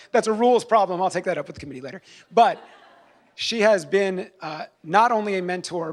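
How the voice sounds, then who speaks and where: A man, a public defender, giving an earnest award acceptance speech, telling a story with light humor. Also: high voice. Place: event hall.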